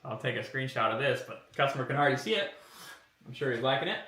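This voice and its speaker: Sitting back from the mic in a roomy workshop, a man talks fast through his car body kit designs on a live stream. His mid-range voice is sharp and bright with lively intonation, and his easygoing, wandering commentary is full of fillers as he thinks aloud.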